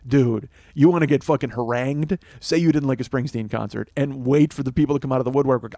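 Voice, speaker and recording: Male podcast host, comic rambling monologue, sharp self-mockery, dry close mic. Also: mid-range voice, fast, creaky, few pauses, dry recording. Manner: rambling, profane, self-mocking rant. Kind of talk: comedic storytelling monologue.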